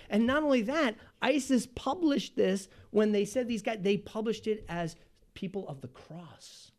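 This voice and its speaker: A high-voiced male pastor delivers a sermon, posing questions to the congregation. He swings between loud exclamations and quiet, hushed asides.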